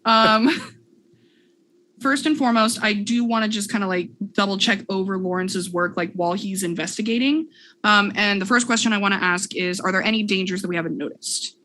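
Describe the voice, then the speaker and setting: A woman's voice: medium pitch, a little fast, fairly bright tone. A woman playing a tabletop game, chatting casually and asking the game master questions. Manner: chatty, asks questions in turn. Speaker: player.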